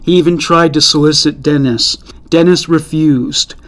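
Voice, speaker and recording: Man, narrator, true crime, measured, even, slightly high voice.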